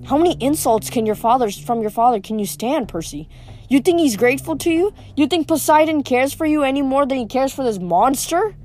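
A woman reading the part of a smooth, scheming teenage boy villain in an audiobook, with a mocking manner. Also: high-pitched, animated, a little fast, darkish tone, soft background music, pitched above the performer's own voice. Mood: taunting.

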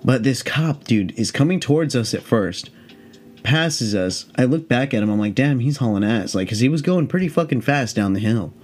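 A man in his late twenties hosting a podcast, telling a story in a casual, rambling way, profane and animated. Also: mid-range voice, moderate pace, faint music behind. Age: late 20s. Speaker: podcast host.

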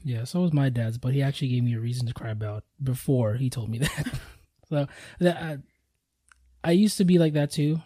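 A man's voice: medium pitch, fairly quick, mellow, no echo, studio quality. A man co-hosting a podcast, chatting casually and telling stories with a laid-back, swear-heavy manner. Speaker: podcast co-host. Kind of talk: casual chat.

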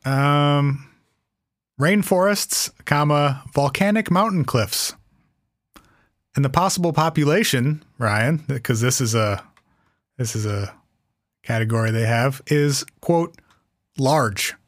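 A man hosts a podcast in relaxed, comedic chat, reading out facts and teasing his co-host with wry, profane humor. His voice sits at an ordinary pitch for a man. The recording is dry and close. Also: slow, long pauses, no room sound. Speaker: podcast host presenting cryptids.

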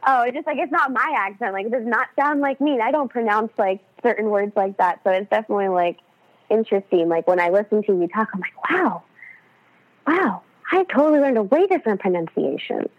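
A woman's voice: medium pitch, fast talker, highs cut off. A woman speaking as a podcast guest, chatty and casual, filling her talk with "like" and "um". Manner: chatty, full of "like" and "um", laughs often. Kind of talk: casual interview chat.

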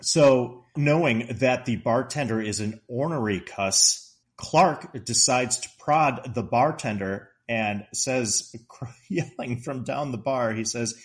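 Male podcast co-host, mid-pitched, animated storyteller who laughs a lot and quotes the characters. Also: takes it slowly, hardly any pauses. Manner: laughs often while talking. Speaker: podcast co-host discussing a movie. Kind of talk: casual movie chat.

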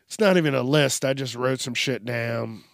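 The voice is a man's, medium in pitch and creaky, moving at a moderate pace, recorded at studio quality with no echo. As host of a casual solo podcast on a studio mic, he swears, wanders off topic, and laughs frequently, with a slight Southern twang.

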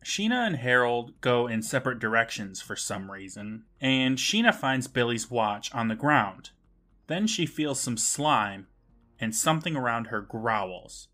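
A man co-hosts a podcast and walks through a TV episode's plot with dry humor. His pitch rises and falls a lot as he tells it, and his voice sits in a middle register. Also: lively intonation, measured pace, bright, forceful tone. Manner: wry, narrates plot with joking asides. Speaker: podcast co-host. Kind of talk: casual recap of a TV episode.

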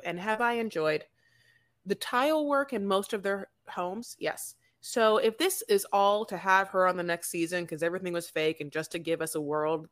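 A woman co-hosting a podcast in casual chat, lively and imitating phone recordings and people as she talks. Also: mid-range voice. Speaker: podcast co-host.

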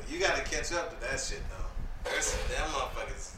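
A man in casual chat, telling stories in an animated, profane way and laughing often. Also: mid-range voice, brisk, distant mic, background noise. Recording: roomy, from off-mic.

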